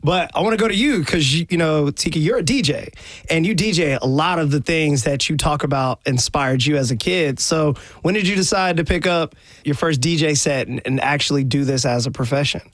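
Relaxed male radio host, dry studio sound. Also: fairly high pitch, fairly quick, no room sound. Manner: relaxed, laughs along with guests. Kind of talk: radio interview. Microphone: studio microphone.

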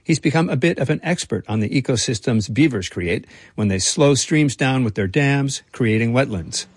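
A male radio reporter narrating a scripted feature in a measured, dry way. His voice is husky and close, recorded in a dead-quiet booth with no room sound. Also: medium pitch, animated, dry recording.

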